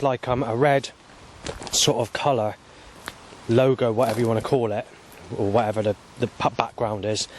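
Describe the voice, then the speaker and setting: A man, rambling and swearing as he walks outdoors filming on his phone, at times flaring into angry shouting. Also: medium pitch, a little hiss or hum. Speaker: vlogger. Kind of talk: rambling walking vlog monologue. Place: outdoors, walking along paths. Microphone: handheld phone camera.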